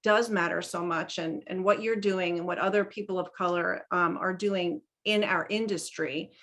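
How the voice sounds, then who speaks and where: A middle-aged woman hosting a podcast, chatting casually and telling stories in an animated way, with many restarts. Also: fairly low pitch, normal speed. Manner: chatty, animated storytelling with frequent laughs and restarts. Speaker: podcast host. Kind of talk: casual conversational interview.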